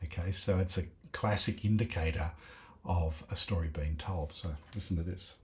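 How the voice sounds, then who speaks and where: A man's voice: low voice, normal speed, a little hiss or hum. A man hosting a reaction video, commenting casually on a talk and thinking aloud as he goes. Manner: thinking aloud, many fillers and restarts.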